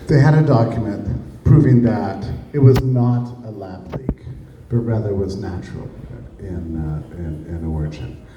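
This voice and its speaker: A man lectures to a live audience, his delivery emphatic and laced with sarcasm. His voice is dark and low, and it is picked up from some distance. The room around him is echoey. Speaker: speaker giving a talk. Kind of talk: public lecture. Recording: echoey room, heard from a distance, faint noise.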